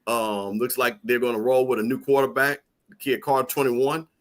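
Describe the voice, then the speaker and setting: This is an emphatic man with a Mississippi accent who co-hosts a casual sports talk show. His voice sits at a middle pitch. He circles back and repeats himself to drive a point home. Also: steady tone, moderate pace. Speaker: co-host and football analyst.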